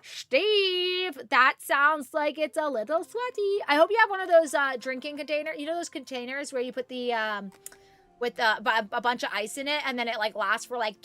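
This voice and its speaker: Bubbly, high-voiced Canadian woman streamer. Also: no echo. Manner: animated, chatty, swears freely. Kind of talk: casual gaming stream chat.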